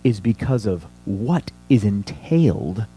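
Animated male preacher with lively pitch. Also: slow, a little hiss or hum. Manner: animated teaching with rhetorical questions. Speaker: pastor. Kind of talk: sermon.

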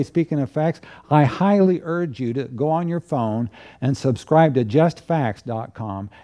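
Man, pastor, sermon, earnest and emphatic, mellow voice. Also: mid-range voice. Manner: earnest, measured preaching with emphatic declarations. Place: church pulpit.

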